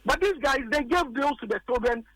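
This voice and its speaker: High-voiced emphatic Ghanaian man. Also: animated, fairly quick, a bit bright, dry recording, low-quality recording. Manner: emphatic, argumentative, repeats points. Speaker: political commentator. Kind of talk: heated radio talk show argument.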